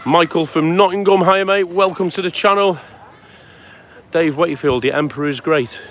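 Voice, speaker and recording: A chatty man, his voice sitting a bit higher than most. He greets viewers by name while walking the streets with a handheld phone. Faint outdoor street noise hangs behind him. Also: moderate pace, a bit bright. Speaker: live-stream vlogger. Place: outdoors on town streets at sunset.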